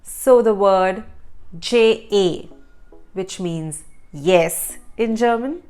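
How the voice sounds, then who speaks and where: A woman from India hosting an online language lesson, repeating words slowly and quizzing the viewer. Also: medium pitch, darkish tone, clean tone, soft background music. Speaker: language teacher and channel host.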